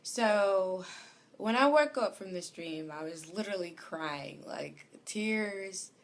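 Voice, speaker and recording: A woman telling a personal story, hesitant and full of fillers, her voice growing softer as she goes. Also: mid-range voice, lively intonation, slow. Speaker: vlogger. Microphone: home recording.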